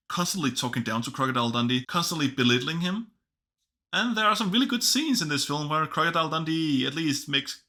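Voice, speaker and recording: A man's voice: mid-range voice, bright, forceful tone. A man casually reviewing films, chatty and enthusiastic. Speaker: film reviewer. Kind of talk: casual video review commentary.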